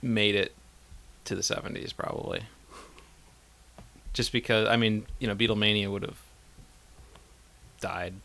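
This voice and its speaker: A man's voice: fairly low pitch, steady tone, unhurried, gravelly, long pauses, bright, forceful tone. A man co-hosting a podcast in laid-back, casual chat. He talks hesitantly and laughs often. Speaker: podcast co-host.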